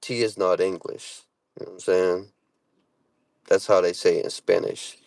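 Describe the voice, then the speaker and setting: Low-voiced streetwise Boston man chatting. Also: level tone, moderate pace, creaky, a little mellow, dry recording. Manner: streetwise, profane, reads viewer comments aloud. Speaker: livestream host. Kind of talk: casual livestream chat.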